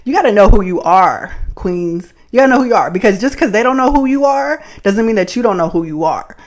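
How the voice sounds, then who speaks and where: A woman from the Bay Area hosting a podcast, telling a story in a blunt, profane, animated way and laughing often. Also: mid-range voice, brisk. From San Francisco Bay Area. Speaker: podcast host. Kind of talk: casual storytelling monologue.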